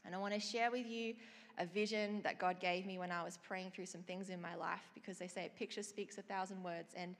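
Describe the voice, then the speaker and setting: A woman preaching a sermon, telling of a vision in an expressive storytelling way and reading scripture. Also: fairly low pitch, a little fast, big-room sound.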